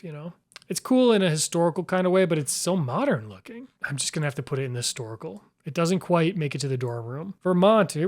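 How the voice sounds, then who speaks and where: A man hosting his own video, giving casual, playful commentary as he ranks flags, with frequent exclamations and chuckles. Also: high voice. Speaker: YouTube host.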